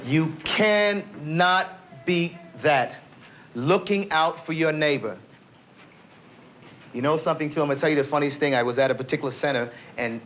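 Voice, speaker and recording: A middle-aged male police officer teaching a live self-defense class, energetic and coaxing, quizzing the group as he demonstrates. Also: mid-range voice, a little hiss or hum. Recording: dull lo-fi 1970s film sound.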